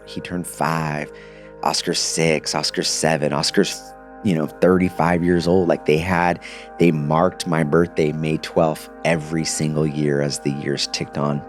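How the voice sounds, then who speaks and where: A man in his thirties, a podcast guest giving a casual, animated personal testimony, dropping slang as he talks. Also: rumbling low. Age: 30s.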